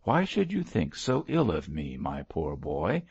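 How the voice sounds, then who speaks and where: A man's voice: rumbling low, huge pitch swings, a little slow, gravelly, a little mellow, husky, no room sound, full character voice. A man reading the part of an elderly bishop who reproaches his curate in a solemn, sorrowful tone. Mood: reproachful. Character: elderly male bishop, mild but stern. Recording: dull lo-fi dry recording.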